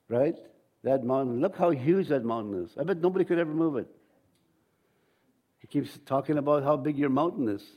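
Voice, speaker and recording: A man's voice: medium pitch, darkish tone. A male pastor preaching a sermon in a conversational way, acting out quoted voices and often repeating words.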